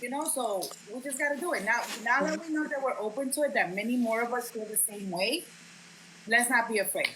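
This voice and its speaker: A woman hosting a casual talk, animated and quoting critics in a mocking voice. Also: a little high, fairly quick, background noise. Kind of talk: casual chat.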